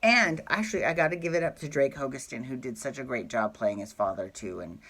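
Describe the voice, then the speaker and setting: A man hosting a soap opera recap in casual chat, gushing and chatty with quick asides and apologies. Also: mid-range voice, noisy background.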